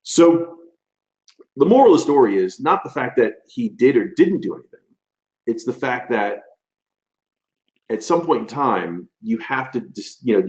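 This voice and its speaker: A man's voice: lowish voice, a little mellow, muffled recording. A man in his forties presenting a webinar, telling a story in a loose, chatty way with plenty of fillers. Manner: chatty, loose delivery with many fillers and restarts. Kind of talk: conversational storytelling lecture.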